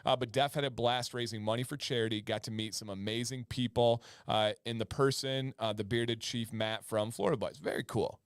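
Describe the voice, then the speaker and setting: A man's voice: medium pitch, steady tone, a little fast, hardly any pauses, smooth, no echo, studio quality. A man co-hosting a livestream, chatting casually and reading out viewer comments. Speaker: livestream co-host. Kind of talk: casual chat.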